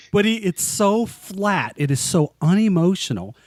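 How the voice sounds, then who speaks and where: Man, podcast co-host, casual enthusiastic chat, lively animated pitch, dry close sound. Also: slow pace, no echo. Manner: enthusiastic, acts out quotes.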